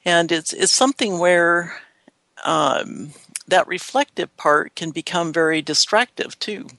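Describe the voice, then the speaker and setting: A woman's voice: lowish voice, measured pace, vocal fry, a bit bright, no echo. A woman co-hosting a reflective talk show, speaking thoughtfully with frequent hesitations and restarts. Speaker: podcast co-host. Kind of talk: reflective casual chat.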